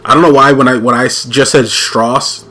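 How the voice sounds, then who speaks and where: A man's voice: mid-range voice, fairly even intonation, moderate pace, bright, forceful tone, faint music behind. A man hosting a let's play, chatting casually with plenty of fillers and restarts. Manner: rambling, full of fillers and restarts. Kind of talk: casual gaming chat.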